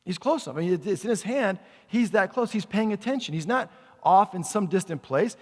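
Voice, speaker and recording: Man, pastor, conversational sermon, rhetorical questions, slightly high voice, long hall echo. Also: expressive, a little fast, darkish tone.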